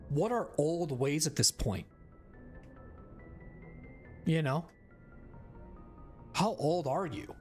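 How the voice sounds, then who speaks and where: A man's voice: on the high side, expressive, drawn-out words, pauses often, a little mellow, faint music behind. A man streaming a video game, chatting casually in a rambling, cursing way. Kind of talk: casual gaming commentary.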